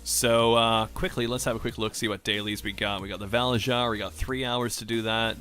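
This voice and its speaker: A man's voice: lowish voice, steady tone, fairly quick, sharp tone, soft background music. A man from Australia rambling in a casual rant over gameplay, with strongly emphasized R sounds and a self-questioning way of talking. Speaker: gaming vlogger.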